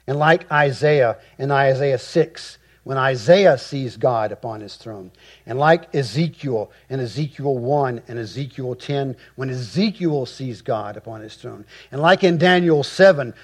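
A man preaching a sermon, reading scripture slowly and rising with emphasis on key words. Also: mid-range voice, a little mellow. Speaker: pastor.

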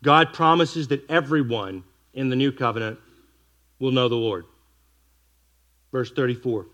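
A man preaching an expository sermon, reading scripture slowly and with weight, with wry asides to the congregation. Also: medium pitch, sing-song.

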